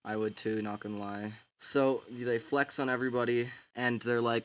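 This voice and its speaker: Low-ish voiced guy rambling thru a book recap, tons of "like", slangy and goofy. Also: moderate pace, hardly any pauses. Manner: rambling, filler-heavy, slangy and irreverent. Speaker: book summarizer. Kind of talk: casual rambling retelling.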